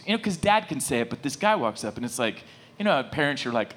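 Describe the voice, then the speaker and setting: Animated storytelling pastor, a man. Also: mid-range voice, brisk, a little hiss or hum. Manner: animated, rambling with many asides. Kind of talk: sermon storytelling.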